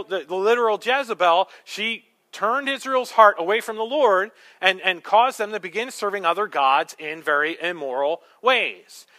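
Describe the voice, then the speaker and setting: A man's voice: high-pitched, sharp tone. A male pastor preaching a sermon, emphatic, with rhetorical questions and humorous asides.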